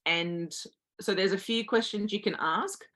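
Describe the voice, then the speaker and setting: A woman's voice: medium pitch, measured pace, a bit bright. A woman guest giving earnest motivational advice, speaking directly to listeners as a confidence coach.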